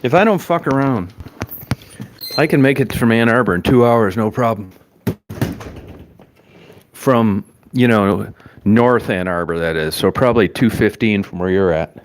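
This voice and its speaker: A man's voice: lowish voice, measured pace, long pauses, a little hiss or hum. A man, filming a casual vlog as he gets home, talking offhand and cooing to his dog. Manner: coos affectionately to his dog, calling her hon; rambling, offhand, swears casually. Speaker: vlogger. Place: arriving home in snowy weather, garage and house.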